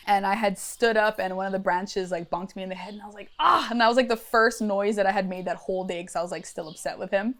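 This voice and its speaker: A woman's voice: mid-range voice, fast, hardly any pauses, no room sound. A young woman from Hawaii, a pig farmer telling stories casually and animatedly on a farm tour. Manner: animated, lots of "like", acts out sounds. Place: outdoors on a farm.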